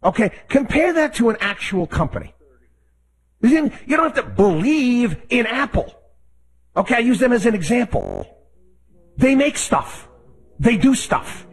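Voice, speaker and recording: A man hosting a talk radio show, giving an emphatic, lecturing opinion monologue with a husky voice. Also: very high-pitched.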